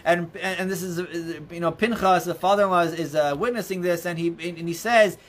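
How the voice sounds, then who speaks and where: A man's voice: high-pitched, steady tone, a little fast, hardly any pauses. A man teaching an informal Torah lesson, conversational and storytelling, with frequent restarts. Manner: conversational, many restarts and "you know"s, storytelling. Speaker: rabbi teaching a class. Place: indoors near books.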